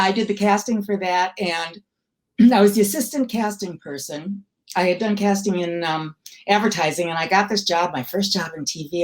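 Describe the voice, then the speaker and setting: An older woman from Milwaukee, a comedy writer, telling wry, self-deprecating anecdotes in a casual interview. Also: fairly low pitch. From Milwaukee, USA.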